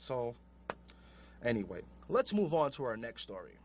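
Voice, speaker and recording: A man's voice: mid-range voice, very animated, moderate pace, darkish tone, a little hiss or hum. A man hosting a call-in radio show, ranting sarcastically and sounding exasperated. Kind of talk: call-in talk radio rant.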